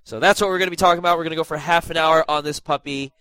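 A man's voice: on the high side, steady tone, very fast, sharp tone, smooth, dry recording, rough recording. A young man with a stuffy nose hosting a casual gaming podcast, rambling with lots of fillers and self-deprecating asides. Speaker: podcast host.

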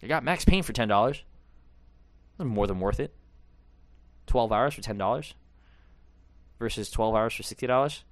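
A man's voice: mid-range voice, expressive, moderate pace, long pauses, no room sound. A young man hosting a podcast, talking in a loose, rambling monologue full of fillers and self-deprecating asides. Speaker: podcast host.

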